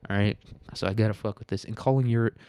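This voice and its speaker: Male commentary host, low, mellow voice, crude, sarcastic delivery, dry close sound. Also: fairly even intonation, quick pace, clean tone, no echo. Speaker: podcast host. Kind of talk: casual current-events commentary.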